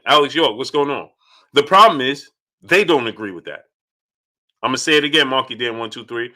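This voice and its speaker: Bright, emphatic male live-stream host. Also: medium pitch, fairly quick. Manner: greets chat viewers by name between points; emphatic, repeats key points. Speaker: boxing channel host. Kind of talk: live-stream boxing talk.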